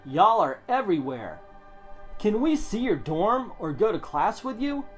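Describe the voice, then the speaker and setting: A man's voice: sits high, very animated, measured pace, soft background music, voice pushed up. A man putting on an over-eager, pushy voice for a gray-skinned comic book student.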